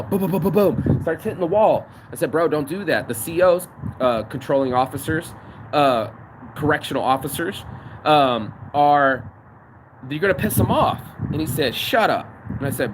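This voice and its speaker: A man's voice: on the high side, normal speed. A man ranting and telling stories with heavy swearing, recording himself on his phone out in the city. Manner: profane, venting, storytelling. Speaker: vlogger. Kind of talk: outdoor rant vlog. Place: outdoors in a city. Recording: noisy outdoor street recording. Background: traffic and street noise.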